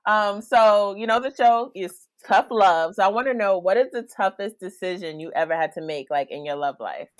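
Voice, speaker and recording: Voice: mid-range voice, moderate pace, few pauses. A podcast host chatting casually and asking a guest questions. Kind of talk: casual interview chat.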